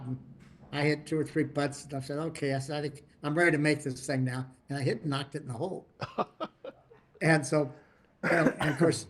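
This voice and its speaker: An older man, a podcast guest, telling long stories in a relaxed way, often restarting and repeating words. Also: on the high side. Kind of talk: casual storytelling.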